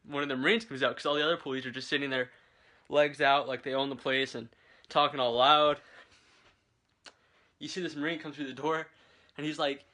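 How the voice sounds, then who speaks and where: Young male vlogger, casual and rambling, bright voice, self-filmed at home. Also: mid-range voice. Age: young adult. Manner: rambling, chatty, lots of fillers. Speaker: vlogger and military recruit. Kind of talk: casual chat to camera. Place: his bedroom, indoors. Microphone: handheld camera.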